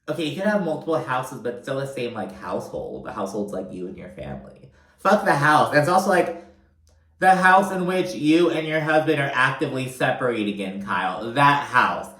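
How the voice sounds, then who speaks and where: A man's voice: mid-range voice, fairly bright tone. Give me a young man doing loose, profane TV recap commentary in an echoey room. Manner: rambling, filler-heavy, swears freely. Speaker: reality TV recap host.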